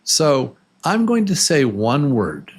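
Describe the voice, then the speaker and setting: Teaching beginners English pronunciation in Los Angeles, the man exaggerates every example word, pronouncing it slow and drawn out. His mid-range voice has huge pitch swings and a breathy edge.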